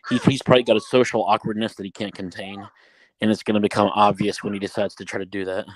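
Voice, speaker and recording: A man co-hosting a casual sports podcast, halting and searching for words with ums. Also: lowish voice, level tone, dry recording, poor audio.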